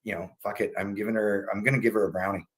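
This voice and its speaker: A middle-aged man from Canada telling a casual family story in an animated way, swearing casually and acting out the voices he quotes. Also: on the low side, fast talker, poor audio. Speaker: guest telling a patient story.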